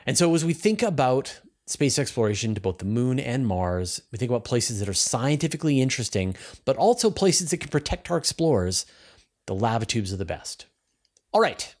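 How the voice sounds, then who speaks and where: A man's voice: mid-range voice, sing-song, a little fast, a little mellow. A Canadian man with a Canadian accent hosting space news, explaining things eagerly and talking straight to his viewers. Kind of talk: casual news commentary.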